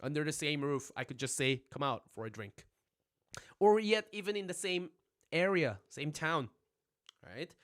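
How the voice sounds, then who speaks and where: Young male livestream teacher, slightly high voice, rambling and profane, asks "right?" every few lines, phone mic at home. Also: animated, moderate pace, fairly bright tone. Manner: joking, rambling, profane, says "right?" a lot. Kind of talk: casual livestream lesson.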